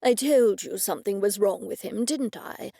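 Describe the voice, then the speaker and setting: A woman voicing a pompous, self-assured older man who is quick to accuse others. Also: medium pitch, gravelly, dark tone, no room sound, clean studio sound.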